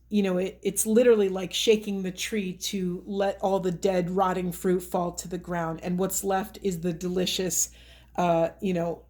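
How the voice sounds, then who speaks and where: A woman giving a spiritual reading, talking in a gentle, reflective, rambling way. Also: mid-range voice. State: emotional, voice rising. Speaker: tarot reader.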